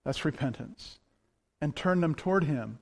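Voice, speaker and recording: A man preaching a sermon in a conversational, storytelling way, animated as he speaks. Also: on the high side, normal speed, vocal fry. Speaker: pastor.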